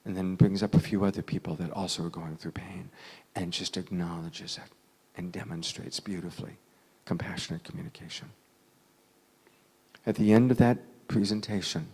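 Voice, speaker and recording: A man telling an emotional story to an audience, dramatic, dropping from loud lines to near whispers. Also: fairly low pitch, gravelly, husky.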